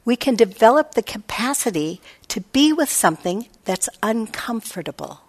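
A woman's voice: a little high, big pitch swings, moderate pace. A woman meditation teacher giving a reflective dharma talk, often voicing her own inner thoughts. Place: meditation hall.

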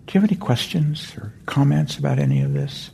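A man giving a dharma talk as a meditation teacher in a meditation center hall, speaking gently and meandering, often correcting himself mid-sentence. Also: mid-range voice, huge pitch swings, fairly quick, gravelly, slight background noise.

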